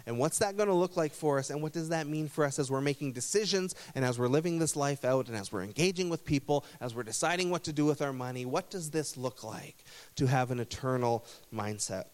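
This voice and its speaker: A man's voice: mid-range voice, fairly quick, darkish tone. A man preaching a sermon as pastor, conversational, telling a story with small self-corrections.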